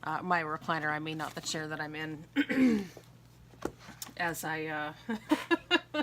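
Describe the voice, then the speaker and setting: A woman in her thirties chats casually to her camera about craft supplies from a friend, giggling and trailing off with ums. Her voice sits a little low but rings bright. A faint hum hangs in the room behind her. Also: slow pace. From United States. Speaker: craft vlogger. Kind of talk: casual chat.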